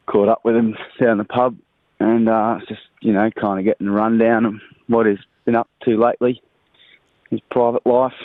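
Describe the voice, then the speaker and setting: Brief: male caller, halting joke delivery, low voice, tinny phone line. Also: dry recording. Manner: halting joke-telling with many fillers.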